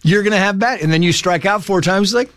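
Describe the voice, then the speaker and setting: A man telling personal stories in a casual conversation, lively and acting out the people he quotes. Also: fairly quick, no room sound, clean studio sound. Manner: animated storyteller who acts out quoted voices in high pitch.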